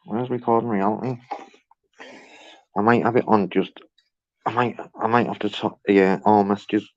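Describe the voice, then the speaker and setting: Brief: male streamer, slightly low voice, rambling and profane, casual chat to viewers. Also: steady tone, normal speed, lo-fi sound. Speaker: livestreamer.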